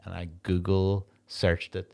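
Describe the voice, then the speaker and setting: An Irish man co-hosting a comedy podcast, telling stories in a sweary, animated rant. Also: deep voice, unhurried, creaky. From Ireland. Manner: animated, ranting, sweary storytelling. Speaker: podcast co-host. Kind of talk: casual comedic film chat.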